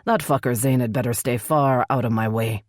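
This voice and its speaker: A woman's voice: a bass voice, normal speed, no room sound, clean studio sound. A woman voicing a brooding male elf crown prince who speaks curtly and growls. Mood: stern. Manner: gruff, curt, growling.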